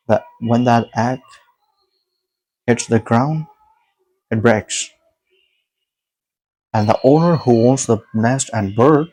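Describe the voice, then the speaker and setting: Slow, halting man telling a story. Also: mid-range voice, darkish tone, low-quality recording. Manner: halting, with frequent restarts and self-corrections. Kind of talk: casual dream storytelling.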